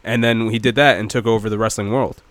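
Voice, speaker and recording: Animated man in a dry room. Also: fairly low pitch, quick pace, no room sound. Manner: animated, laughs often. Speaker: podcast co-host. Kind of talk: casual chat.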